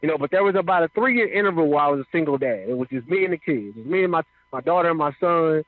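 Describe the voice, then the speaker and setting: A man's voice: a little high, animated, fast, no room sound. A man telling his life story in a casual, conversational way, often asking "you know what I mean". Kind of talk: casual personal testimony. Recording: dry, phone-like radio sound.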